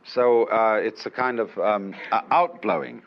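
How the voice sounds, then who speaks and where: A man giving a public lecture in an unhurried, wry way, with chuckles, on an old lo-fi recording from a lecture hall. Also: medium pitch, expressive, creaky, a little hiss or hum. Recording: dull lo-fi archive lecture recording.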